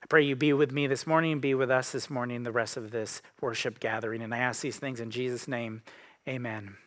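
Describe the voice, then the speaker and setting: A man's voice: medium pitch, fairly even intonation, brisk, a bit bright. A pastor in his thirties giving a conversational sermon, earnest and personal, often restarting his sentences.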